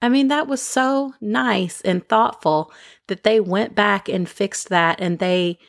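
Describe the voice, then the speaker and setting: A woman hosting a podcast, talking to her listeners in a calm, gentle, unhurried way into a microphone. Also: medium pitch, creaky, no room sound, studio quality. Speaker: podcast host. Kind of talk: casual chat to listeners.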